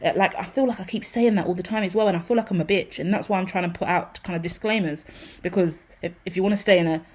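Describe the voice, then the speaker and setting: A woman's voice: lowish voice, fairly even intonation, quick pace, darkish tone. A woman giving an improvised tarot reading, rambling and intense, swearing freely as she talks. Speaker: tarot reader.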